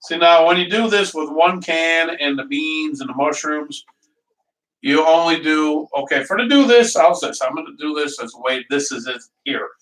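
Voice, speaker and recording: A man's voice: fairly high pitch, moderate pace, a bit bright, far from the mic. A man hosting a casual live cooking stream from his kitchen, rambling and chatty, greeting viewers by name and laughing often. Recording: echoey room, voice from off-mic.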